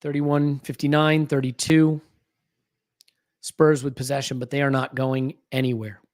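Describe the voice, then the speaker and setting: Watch-along podcast host, live match commentary, anxious fan energy, mid-pitched, desk mic. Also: level tone, unhurried, darkish tone. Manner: anxious, restless fan commentary with frequent restarts. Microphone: fiddles with a desk microphone.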